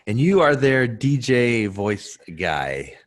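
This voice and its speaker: A man's voice: medium pitch, big pitch swings, slow pace. A man from Texas hosting a casual podcast interview over a video call, asking questions with jokes and enthusiasm. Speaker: podcast host.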